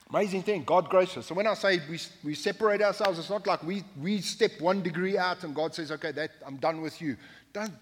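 A man preaching a sermon from the pulpit, speaking emphatically and repeating his key phrases, with joking asides to the congregation. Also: fairly high pitch. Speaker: pastor. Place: church sanctuary, at the pulpit. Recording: long hall reverb.

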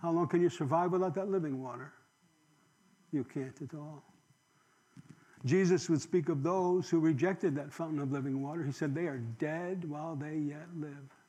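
High-voiced man preaching a sermon. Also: fairly quick. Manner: preaching with rhetorical questions, swinging from loud to hushed; emotional, drops to a near whisper. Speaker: pastor.

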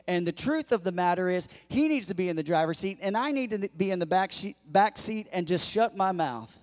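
Male pastor, high-pitched, animated storyteller at the pulpit. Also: normal speed, big-room sound. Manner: storytelling, animated, acts out quotes. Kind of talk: sermon.

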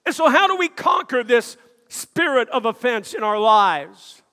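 An older male pastor preaching a sermon, telling stories with frequent "uh" fillers and building to shouted emphasis. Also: very high voice, animated, measured pace. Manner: storytelling preacher with many "uh" fillers, rising to shouts. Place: church sanctuary. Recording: long hall reverb.

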